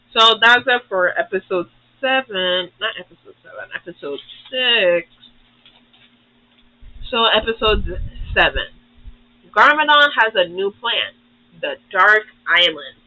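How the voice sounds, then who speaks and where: A man's voice: high voice, pushed and bright, no room sound, muffled recording. A young man hosting his own channel, giving a casual, rambling recap of a show full of swearing. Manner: profane, rambling, acts out characters. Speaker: YouTube host.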